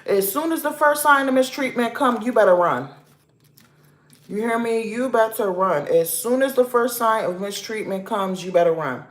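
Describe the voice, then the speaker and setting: A woman's voice: on the high side, expressive, normal speed. A woman vlog host giving blunt, repetitive life advice in a casual talk to camera at home. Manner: emphatic, repetitive, preachy. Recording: roomy echoey room.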